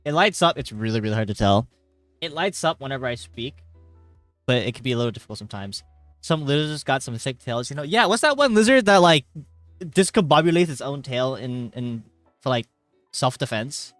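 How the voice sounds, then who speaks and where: A man's voice: mid-range voice, expressive, a little fast, no echo. A young man talking casually on a late-night live stream from his bedroom, rambling and joking as he greets viewers with sudden bursts of energy. He sounds a little tired. The sound is dry and close, with faint music underneath. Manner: rambling, jokey, reads chat aloud with sudden loud greetings. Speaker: livestreamer. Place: hot bedroom.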